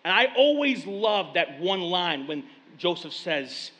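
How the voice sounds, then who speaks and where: A male pastor preaching a sermon, retelling scripture stories in lively casual speech. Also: high-pitched, slow pace. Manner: animated storytelling, paraphrasing scripture in casual speech. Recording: long reverb of a large hall.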